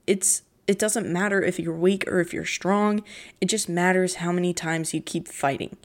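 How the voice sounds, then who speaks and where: A woman with a slightly low voice talks about a cartoon she loves, in a casual fan commentary. She is earnest and openly emotional, and her sentences are full of "like" fillers. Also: steady tone, normal speed. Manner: heartfelt, emotional, lots of "like" fillers.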